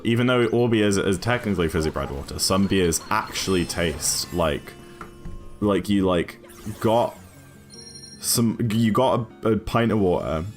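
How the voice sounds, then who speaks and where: A man from Newcastle with a mixed northern and southern English accent, chatting casually on a stream in a rambling way. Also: deep voice. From Newcastle, England. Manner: rambling, chatty, frequent restarts and fillers. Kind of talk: casual chat while gaming.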